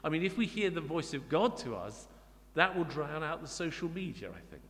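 A man's voice: a little high, sing-song, a little fast, a bit bright. A man preaching a sermon, speaking in a reflective, conversational way with frequent restarts. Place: church. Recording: long church hall reverb.

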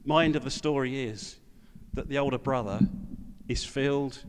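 A man preaching a sermon, talking in a relaxed, conversational way and putting questions to the congregation. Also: mid-range voice, normal speed, clear, resonant tone. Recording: long hall reverb.

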